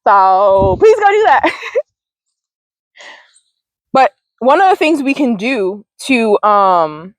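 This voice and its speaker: Chatty, rambling woman with higher voice. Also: big pitch swings, slow pace, long pauses, no room sound, low-quality recording. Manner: rambling, stammers and repeats words, laughs often; informal, slangy, occasional swearing. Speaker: wellness show host. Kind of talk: casual talking-to-camera monologue.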